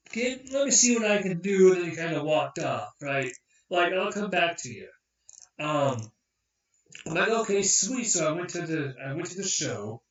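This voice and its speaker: Young guy rambling through a story on a podcast, kinda high voice, echoey and far off, muffled. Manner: rambling, animated, acts out quotes. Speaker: podcast host. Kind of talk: casual storytelling chat. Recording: roomy, distant, dull sound.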